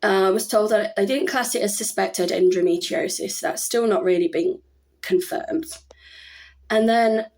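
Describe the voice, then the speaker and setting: A woman in her thirties tells her own story to the camera from home. She rambles in a chatty way, full of fillers and restarts, at a middle pitch. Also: darkish tone. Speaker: vlogger. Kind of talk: casual personal talk to camera.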